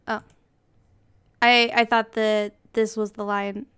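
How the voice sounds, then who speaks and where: A woman streaming a story game, reading it aloud with soft, giggly, rambling asides. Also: mid-range voice, little pitch movement, slow, clear, resonant tone. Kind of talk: let's play commentary.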